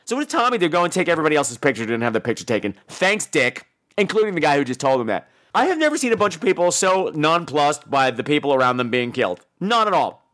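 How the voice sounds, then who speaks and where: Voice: medium pitch, big pitch swings, fast, fairly bright tone. A podcast host ranting sarcastically about a bad movie, swearing freely and repeating words for emphasis.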